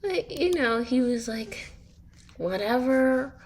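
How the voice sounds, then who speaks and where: This is a woman narrating a homemade story in a relaxed, rambling way and often losing her thread. Her voice sits fairly high and her pace is slow and unhurried. Faint background noise sits under her voice. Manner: rambling, easily sidetracked, many fillers. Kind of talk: casual spoken storytelling over gameplay.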